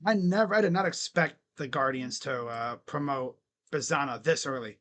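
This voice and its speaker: A man giving casual, excitable play-by-play commentary on a live stream, swearing and laughing as he talks. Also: medium pitch, normal speed.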